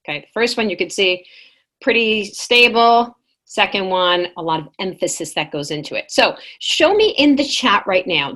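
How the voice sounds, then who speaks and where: A woman speaking into a computer mic on a video call, leading a live workshop. She is lively and engaging, with a mid-range pitch, and reads out the chat answers as they come in. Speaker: workshop presenter. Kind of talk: online workshop lecture.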